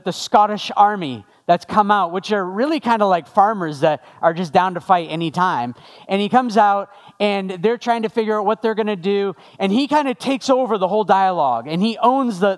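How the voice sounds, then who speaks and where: A male pastor giving a sermon after an opening prayer, conversational with jokey asides to the congregation. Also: high-pitched.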